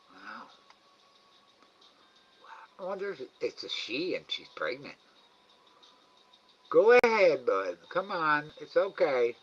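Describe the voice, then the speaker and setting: Man, live-stream host, coaxing sing-song voice, slow unhurried talk, dull lo-fi recording. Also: mid-range voice, bright, forceful tone, husky. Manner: coaxes an animal in a raised sing-song voice, then mutters to himself. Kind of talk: casual live-stream commentary. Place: indoors at a window at night.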